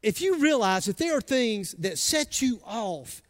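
A man's voice: very high voice, very animated, measured pace. A man preaching a conversational, emphatic sermon to a church congregation, often acting out what people say. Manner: conversational, emphatic, acts out quoted voices. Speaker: pastor. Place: church sanctuary.

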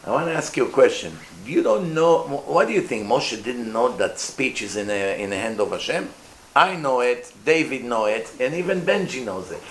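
A man's voice: mid-range voice, normal speed. Guy teaching torah to a group, asks them questions, voice bounces round the room. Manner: animated, asks the listeners questions, acts out voices. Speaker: rabbi giving a Torah class. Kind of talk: informal Torah lecture to a live group. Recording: echoey room, faint noise.

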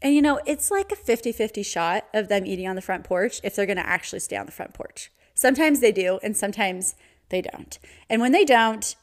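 A woman's voice: mid-range voice, lively intonation, brisk. Chatty, candid woman podcaster. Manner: chatty, candid, laughs often. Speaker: podcast host. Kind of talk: casual solo podcast talk.

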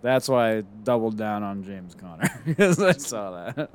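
A man's voice: lowish voice, sing-song, a little slow, clean tone. A man co-hosting a casual podcast, reading out picks in an upbeat way and laughing often. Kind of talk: casual chat.

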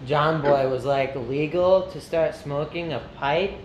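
A young man chatting casually with his brothers, often halting and restarting as he remembers things. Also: a little high, crowd noise. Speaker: sibling in casual chat. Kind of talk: casual chat. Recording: echoey room with background noise.

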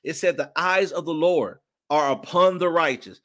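A man preaching a fervent sermon, slipping into spoken prayer and breaking into sudden high shouts of praise. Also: moderate pace, hardly any pauses. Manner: colloquial, drops into spoken prayer.

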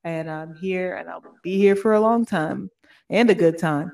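A woman's voice: lowish voice, normal speed, warm tone. A young woman from Oakland, California, hosting a podcast in a casual, playful chat and laughing often. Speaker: podcast host.

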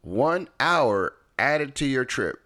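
A man's voice: mid-range voice, big pitch swings, takes it slowly, pushed and bright, voice pushed up, heavily acted. A man imitating a car GPS navigation voice announcing delays in a stiff way. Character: flat robotic GPS navigation voice.

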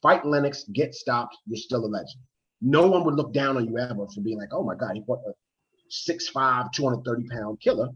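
A man co-hosting a podcast, talking boxing in casual, animated storytelling with frequent restarts. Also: mid-range voice, a little fast, breathy edge, highs cut off. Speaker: podcast co-host. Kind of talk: casual sports chat.

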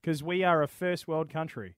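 A man's voice: on the high side, normal speed, clear, resonant tone, dry recording, studio quality. An Australian man co-hosting a gaming podcast, agreeing with his mate and explaining his view in casual chat. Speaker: podcast co-host.

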